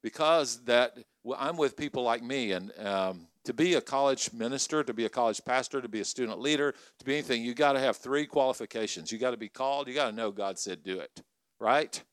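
A middle-aged man preaching a sermon to college ministry leaders, conversational and energetic, often asking the crowd questions. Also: medium pitch, fairly quick, no room sound. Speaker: pastor.

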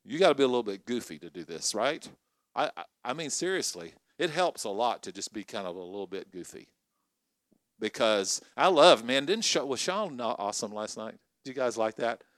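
A middle-aged man preaching a sermon to college ministry leaders, conversational and energetic, often asking the crowd questions. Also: mid-range voice, fairly quick, no room sound. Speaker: pastor.

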